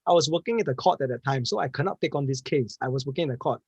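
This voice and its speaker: A man's voice: medium pitch, rapid-fire, darkish tone, breathy edge, no echo, muffled recording. A man, a panel speaker giving an earnest, emphatic storytelling answer and often restarting his words.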